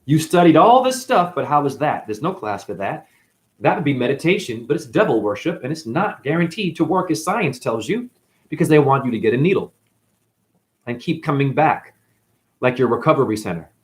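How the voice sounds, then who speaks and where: Rambling spiritual guy from new england, swears a lot, voice all over the place, mutters then gets loud. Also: medium pitch, big pitch swings, brisk. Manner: rambling, profane, swinging between muttering and loud outbursts. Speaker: spiritual teacher, former dancer.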